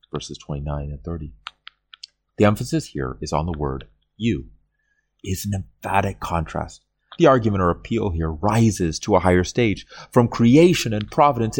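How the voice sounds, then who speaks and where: A man's voice: low-pitched, darkish tone, husky. A man reading aloud an old sermon in an earnest style, with rising and falling emphasis. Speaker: reader of a historic sermon.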